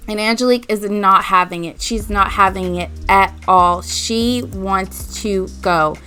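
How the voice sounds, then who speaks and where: A woman's voice: mid-range voice, unhurried, pushed and bright, soft background music. A woman hosting a let's play, retelling the story of her game in a chatty way. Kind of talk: casual game narration.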